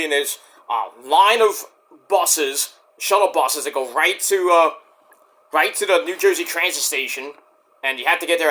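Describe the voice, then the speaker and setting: A man's voice: a little high, pushed and bright. A man ranting casually about wrestling with lots of restarts and swearing. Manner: rambling, profane, many restarts. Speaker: vlogger.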